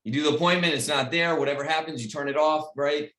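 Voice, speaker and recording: A middle-aged man giving a motivational speech to his team on a video call, emphatic and repetitive, swinging between loud pep talk and quiet personal stories. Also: a little high, fairly even intonation, quick pace, roomy sound. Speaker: team leader addressing his recruits.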